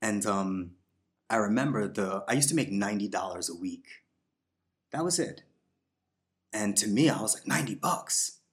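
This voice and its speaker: A man who is a podcast guest, telling a personal story in a reflective, unhurried way, with fillers and voiced quotes. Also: lowish voice, lively intonation.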